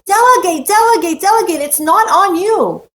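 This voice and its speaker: A woman's voice: very high voice, animated, moderate pace, a bit bright, roomy sound, voice pushed up. A woman voicing a humble male biblical leader who takes advice and repeats his points for emphasis. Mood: agreeable. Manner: agreeable, repeats words for emphasis.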